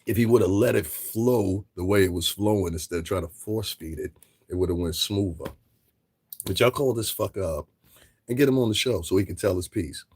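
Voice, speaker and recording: A man's voice: low voice, a little fast, a little mellow, slightly rough, dry recording. A man commentating on a livestream in a blunt, profane, lecturing rant.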